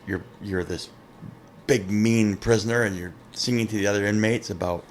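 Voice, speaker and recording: A man co-hosting a podcast, telling a funny personal story in casual chat, animated and laughing often at himself. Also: on the low side, normal speed, slight background noise. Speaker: podcast co-host.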